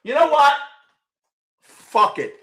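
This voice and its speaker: This sixty-something New Yorker hosts a fan postgame show, swearing, shouting and ranting bluntly while answering viewers by name between gripes. His high, bright, sharp-edged voice swings widely in pitch, and he takes it slowly.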